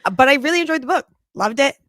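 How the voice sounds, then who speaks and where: Playful female co-host, a bit higher voice, teasing, casual chat. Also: expressive, rapid-fire, fairly bright tone, no echo, studio quality. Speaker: podcast co-host. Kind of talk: casual chat about books. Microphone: livestream desk mic.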